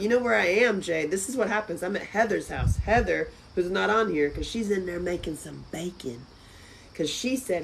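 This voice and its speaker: A woman hosting a live stream from a friend's house, chatting casually with viewers, with loud exclamations and soft asides. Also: on the low side, moderate pace, vocal fry, a little hiss or hum, low-quality recording.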